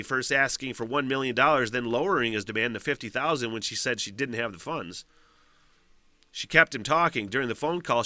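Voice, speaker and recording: A man hosting a casual solo podcast, reading a news story aloud with profane, animated asides and laughs. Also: medium pitch, no echo. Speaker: podcast host.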